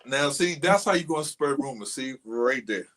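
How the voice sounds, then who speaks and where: Teasing man with a lively voice. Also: medium pitch, moderate pace, a little hiss or hum. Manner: dry, teasing, blunt comebacks. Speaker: podcast co-host. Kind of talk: casual chat.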